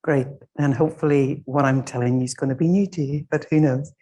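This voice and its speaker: A woman's voice: rumbling low, fairly even intonation, fairly quick, warm tone. A middle-aged Irish woman giving a conference presentation in a small room, speaking informally with many fillers. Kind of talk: conference talk.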